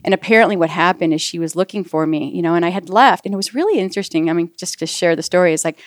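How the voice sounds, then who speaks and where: A woman's voice: lowish voice, racing, dry recording, studio quality. A middle-aged woman chatting casually, telling a personal story and acting out the dialogue. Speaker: guest sharing a birth story. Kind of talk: casual chat.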